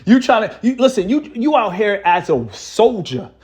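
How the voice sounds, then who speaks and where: A man's voice: high-pitched, very animated, normal speed, darkish tone. A man giving a preachy, repetitive relationship-advice monologue as the show's host. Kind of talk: motivational monologue to camera.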